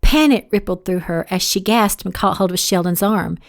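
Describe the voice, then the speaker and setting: A woman's voice: medium pitch, moderate pace. Woman narrating her own romance novel. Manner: steady reading, voicing each character. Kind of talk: audiobook narration.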